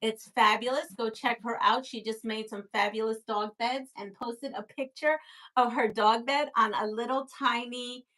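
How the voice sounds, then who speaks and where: A woman's voice: on the high side, steady tone, normal speed, pushed and bright. A woman from Brooklyn hosting a casual live stream, chatting, reading viewer comments aloud and laughing often. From Brooklyn, New York.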